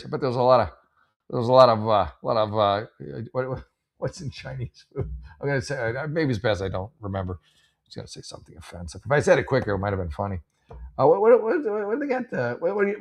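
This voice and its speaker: A man hosting a casual advice show, blunt and sarcastic, rambling with lots of fillers and restarts. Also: mid-range voice. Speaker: host giving advice.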